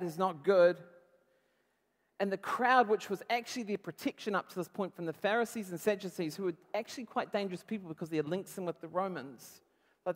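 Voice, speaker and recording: A male pastor giving a conversational, animated sermon, acting out quotes as he goes. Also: high voice, big-room sound.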